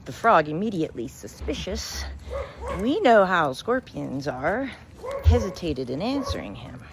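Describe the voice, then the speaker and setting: A woman who is a storyteller and spiritual reader tells a fable and reflects on it in a measured, gentle way. Her lowish voice is very animated, and the background is noisy.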